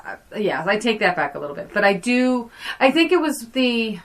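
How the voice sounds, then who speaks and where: A woman's voice: a little high, sing-song, fairly quick. A woman co-hosting a podcast, chatting casually about a film and retelling scenes with many fillers. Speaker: podcast co-host.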